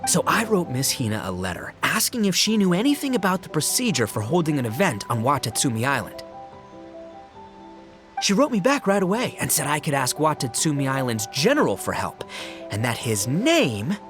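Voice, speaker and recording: A man's voice: on the high side, wildly swooping pitch, moderate pace, over music. An actor playing a brash, boastful young male gang boss in a video game, boisterous and laughing, tripping over fillers. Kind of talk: game voice acting.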